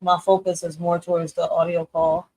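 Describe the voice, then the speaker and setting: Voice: medium pitch, flat delivery, normal speed, a little mellow, no echo, studio quality. A livestream co-host talking casually and animatedly to viewers.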